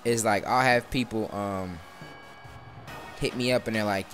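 A man giving casual, rambling commentary over his own video game match, with sudden bursts of excitement during big plays. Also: lowish voice, unhurried, soft background music. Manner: laid-back, rambling storytelling with bursts of excitement. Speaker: gaming video creator. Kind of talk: live gameplay commentary.

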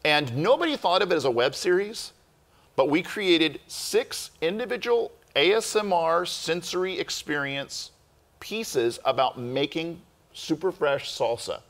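A man's voice: a little high, lively intonation, measured pace, a bit bright. A man co-hosting a casual filmmaking chat show, explaining things in an earnest way. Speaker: filmmaker co-host.

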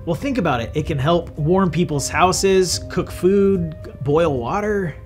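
A man's voice: on the high side, unhurried, darkish tone, soft background music. A man hosting a children's church show, giving a Bible lesson in a friendly, patient teaching tone. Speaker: kids' ministry host.

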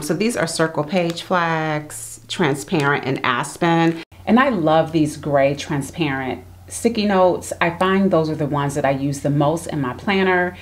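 A woman's voice: sits low, low-quality recording. A woman chatting casually as she unboxes planner supplies and murmurs to herself while handling each item.

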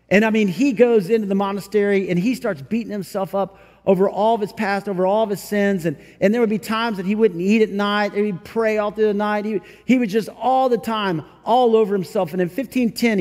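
A man with a high voice delivers a sermon from the church stage. He talks to the congregation conversationally, often tagging on "right?" and "you know?", and acts out little scenes in other people's voices. His words ring out with the long reverb of a large hall. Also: normal speed, darkish tone. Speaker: pastor. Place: church sanctuary.

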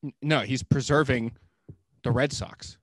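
A man's voice: mid-range voice, a little slow, breathy edge, no room sound. A man co-hosting a podcast, arguing his points in casual, joking chat with some swearing. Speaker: podcast co-host.

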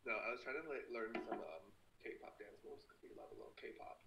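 A young man chatting casually on a home live stream, playful and quick to laugh as he reads viewer comments. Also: medium pitch, very animated, gravelly, recorded from a distance. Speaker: livestreamer. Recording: echoey room, away from the mic, faint hiss.

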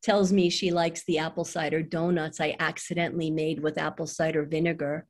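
A middle-aged woman, reading her own poems on a video call, slow and quiet on the lines. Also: flat delivery. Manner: slow, soft reading voice that drops low on the lines. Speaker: poet reading her work. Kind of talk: poetry reading with chat between poems.

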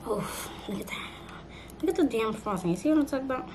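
A woman's voice: fairly high pitch, expressive, quick pace, a little mellow. An eighteen-year-old woman vlogging at home, chatty and playful, talking straight to her viewers. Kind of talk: casual chat to camera. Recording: noisy home recording.

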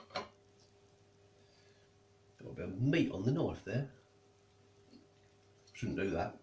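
A man's voice: on the low side, animated, takes it slowly, a little mellow. A man chatting casually as he reviews food, tasting and eating while he talks. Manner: chatty, tastes and eats while talking. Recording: echoey room.

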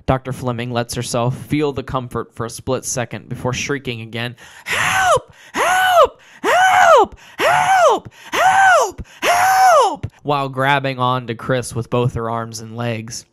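Guy reading out his own story, smooth clear voice, middle pitch, dry close sound, gets ums when he chats. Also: dry recording. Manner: plain steady narration, halting with fillers when chatting. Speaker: storyteller and author. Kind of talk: reading a dark short story, then casual chat.

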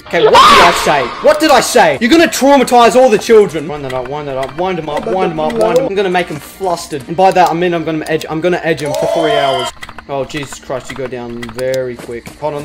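Excitable crude gamer. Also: mid-range voice, quick pace. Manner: crude, excitable trash-talk at the game. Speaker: gaming channel host. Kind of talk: let's play commentary. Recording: game music playing loudly behind.

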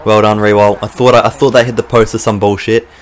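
A man's voice: lowish voice, fast talker. A young Australian man commentating his own football video game as he plays, swearing and getting worked up. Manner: swearing, excitable, bursts of frustration. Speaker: gaming YouTuber. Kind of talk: let's play commentary.

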